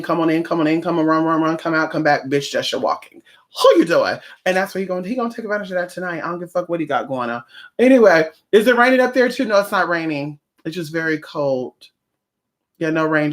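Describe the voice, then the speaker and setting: A spiritual practitioner records a laid-back vlog at home, her medium-pitched voice a bit bright. She rambles, swears, and keeps the tone sassy.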